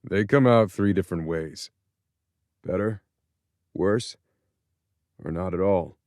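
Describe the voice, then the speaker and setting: A man voicing a subdued, remorseful older father just out of prison, quiet and halting in an audiobook. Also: low voice, no room sound, clean studio sound. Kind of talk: audiobook character voice.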